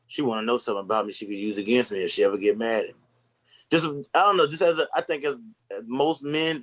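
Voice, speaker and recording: Candid young man speaking plainly. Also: medium pitch. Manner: candid, storytelling, acts out voices in anecdotes. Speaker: podcast guest. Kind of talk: casual conversation.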